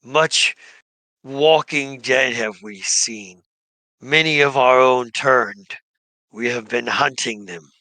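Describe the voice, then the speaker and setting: A man voicing a blunt, wary gnoll shaman who speaks in halting, broken sentences. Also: mid-range voice, sharp tone, dry recording. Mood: solemn.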